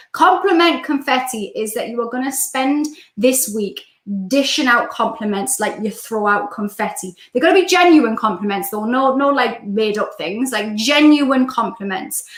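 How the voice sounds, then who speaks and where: A woman's voice: fairly high pitch, fairly bright tone, reverberant. A woman with a Geordie accent, a life coach talking casually in a livestream and reading out viewer comments as she rambles. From Newcastle, England.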